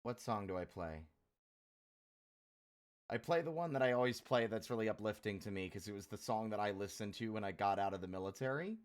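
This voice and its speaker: A man's voice: lowish voice, lively intonation, a little fast. A young adult man livestreaming, thinking aloud in a rambling casual way as he organizes his work. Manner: rambling, self-talking while organizing.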